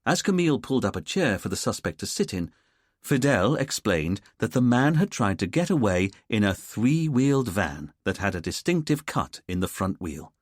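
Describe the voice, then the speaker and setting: A man narrating a mystery audiobook in an expressive storytelling manner. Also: on the low side, moderate pace, dry recording. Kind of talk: scripted narration. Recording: dry close studio sound.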